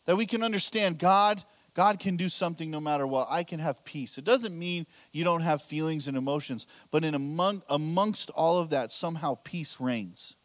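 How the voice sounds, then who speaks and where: A man's voice: fairly high pitch, normal speed, few pauses, dry recording. A middle-aged man preaching a sermon as pastor, telling candid, self-deprecating stories with a laugh.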